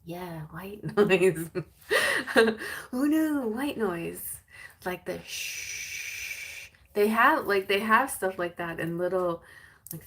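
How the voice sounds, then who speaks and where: A woman giving a gentle, soothing live-stream tarot reading. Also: lowish voice. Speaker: tarot reader.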